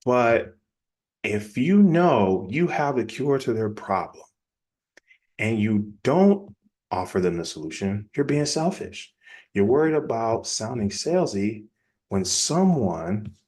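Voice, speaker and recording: A man delivering a lively teaching session on selling, talking plainly and with energy. His voice sits on the lower side. He keeps the pace brisk and chatty, like a coach talking straight to the viewers. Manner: energetic, acts out quick example dialogues; conversational, plainspoken. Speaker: business coach. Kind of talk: casual teaching presentation.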